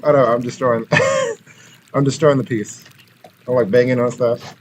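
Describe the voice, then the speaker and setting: A man in his thirties, a language-learning vlogger chatting casually and breaking into excited whoops while drilling phrases outdoors. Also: mid-range voice, a little slow, long pauses, a little hiss or hum, rough recording. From United States. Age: 30s. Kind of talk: casual study vlog. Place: outdoors, walking.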